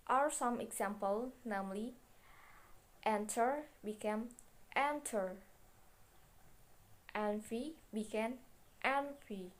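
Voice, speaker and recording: Reading her phonetics presentation aloud, a young woman whose first language is Indonesian goes slowly and deliberately, with repeated words and self-corrections. Her voice is mid-range, and the audio quality is poor.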